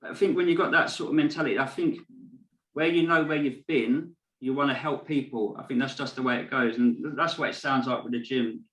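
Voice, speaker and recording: A man's voice: medium pitch, brisk, fairly bright tone. Male host, meandering questions, roomy echoey sound. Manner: rambling, hesitant questions with fillers. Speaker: podcast host. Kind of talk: casual podcast interview. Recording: echoey room.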